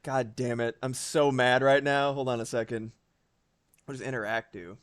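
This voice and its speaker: With a clean, mid-range voice, a man chats loosely on a live stream as he draws. He stays animated throughout, cursing freely and throwing in quick side remarks.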